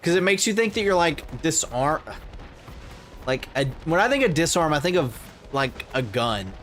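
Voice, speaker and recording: A man chatting casually on a game stream, thinking aloud with lots of fillers and letting his phrases trail off quietly. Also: a little high, very animated, normal speed, a little hiss or hum. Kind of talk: casual gaming livestream chat.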